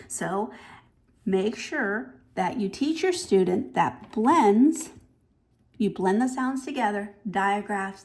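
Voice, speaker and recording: A middle-aged woman teaches a phonics lesson with a patient, clear manner. She sounds out letters slowly, and her voice sits at a middle pitch. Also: a little hiss or hum. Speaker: reading teacher.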